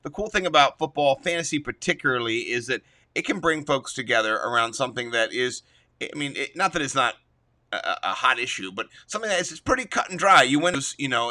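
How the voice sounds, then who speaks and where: A man's voice: mid-range voice, bright, forceful tone. A man co-hosting a casual fantasy football podcast, telling stories in an enthusiastic, jokey way. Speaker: podcast co-host. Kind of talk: casual sports chat.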